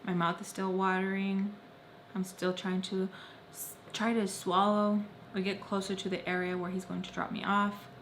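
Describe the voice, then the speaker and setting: A young woman vlogger telling a personal story, repeating phrases intensely and swinging between loud and soft. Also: medium pitch, level tone, normal speed, slight background noise. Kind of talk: emotional story-time narration.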